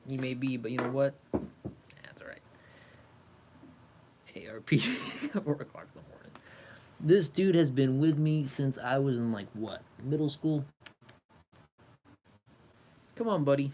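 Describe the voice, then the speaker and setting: A man's voice: medium pitch, animated, moderate pace, pauses often, mellow. A young man hosting a casual livestream, coaxing and fussing over his cat in an affectionate voice. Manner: coaxing, affectionate pet talk. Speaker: livestream host.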